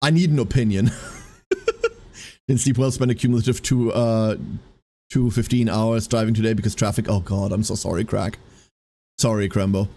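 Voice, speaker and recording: A man chatting casually on a live stream, rambling and animated, who tacks a running 'quack' onto his lines. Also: lowish voice, moderate pace, pauses often.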